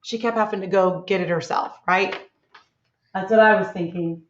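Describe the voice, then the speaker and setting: A woman teacher leading a slow, encouraging reading lesson for young children, asking many tag questions. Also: mid-range voice, steady tone. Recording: echoey room, dull lo-fi sound.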